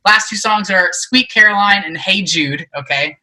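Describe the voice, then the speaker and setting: A man's voice: sits high, moderate pace, slight background noise, rough recording. A young man chatting on a podcast, telling a story with lots of fillers and acting out the voices of the people in it. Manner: animated storyteller, acts out quoted voices, many fillers. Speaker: podcast guest, musician. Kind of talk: casual chat, storytelling.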